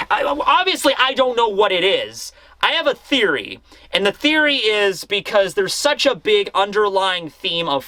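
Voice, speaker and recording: Animated young man reviewing manga. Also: high-pitched, dry recording. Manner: animated, acting out scenes. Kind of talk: casual review chat.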